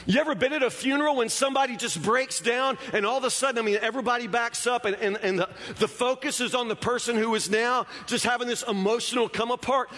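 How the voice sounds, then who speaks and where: A man's voice: very high-pitched, fast talker, hardly any pauses, sharp tone, big-room sound. A man preaching a sermon in a conversational, emphatic way, often stammering over restarts. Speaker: pastor.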